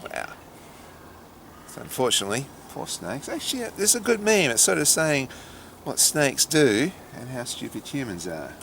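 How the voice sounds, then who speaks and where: A middle-aged Australian man talks in a chatty, dry way as he hosts his own vlog. His voice rises and falls a lot, with a lively, animated delivery. Faint noise sits low behind him. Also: moderate pace, gravelly. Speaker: snake handler and educator. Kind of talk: casual vlog commentary.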